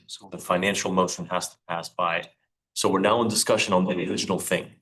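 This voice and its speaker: A man's voice: low-pitched, fairly even intonation, fast talker, fairly bright tone, slight background noise, rough recording. A young man chairing a student senate meeting, running procedure in a plainspoken way with dry asides. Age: young adult.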